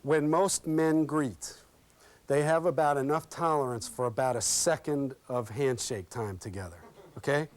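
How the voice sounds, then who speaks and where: A man leading an interview skills workshop, talking in a lively, interactive way and acting out examples with his audience. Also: medium pitch, normal speed. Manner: lively and interactive, checks in with "okay?" constantly; folksy and animated, acts out examples. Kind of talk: live workshop talk with role-play demonstrations.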